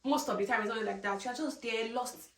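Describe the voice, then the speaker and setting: A woman's voice: fairly high pitch, fairly quick, roomy sound, recorded from a distance. A woman from Nigeria with a Nigerian accent, chatting casually in her vlog and using lots of fillers. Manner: chatty, conversational, many "like" fillers. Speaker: vlogger. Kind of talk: casual chat.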